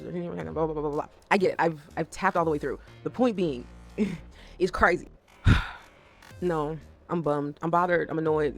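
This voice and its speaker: A woman talking casually to camera as a vlogger, rambling and swearing as she jumps between topics. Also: fairly low pitch.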